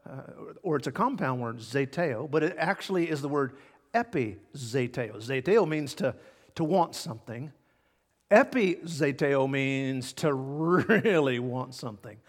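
A man preaching a sermon as pastor, emphatic, repeating key words and swinging between loud and hushed. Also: fairly high pitch. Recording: long hall reverb.

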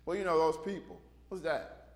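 A man's voice: a little high, animated, moderate pace. A man preaching a sermon, retelling Bible stories in casual slang and acting out the people in them. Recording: long reverb from a hall.

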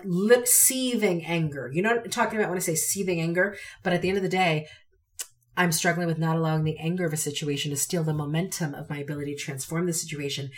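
A woman hosting a solo podcast, talking candidly and emphatically, repeating phrases to drive her points home. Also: on the low side. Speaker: podcast host.

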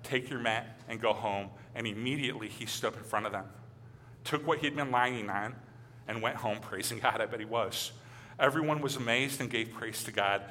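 A man's voice: medium pitch, bright, forceful tone, in a large hall, a little hiss or hum. A man preaching a sermon as pastor, chatty and joking at first, then building to fervent, repeated declarations. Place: church sanctuary.

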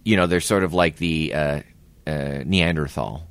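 A podcast co-host in his forties, with an extremely low, clear, resonant voice, unhurriedly tells a workplace story in casual chat, swearing and animatedly acting out what people said. No room sound is present.

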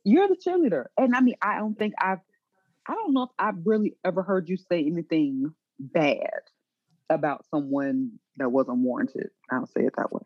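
A woman talking in a casual chat among friends, animated and emphatic, laughing often. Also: deep voice, normal speed, husky, narrow, tinny audio.

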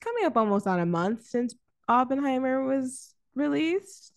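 A woman co-hosting a podcast, chatting casually about films, animated, laughing often and swearing freely. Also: high voice, moderate pace. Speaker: podcast co-host. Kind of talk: casual film review chat.

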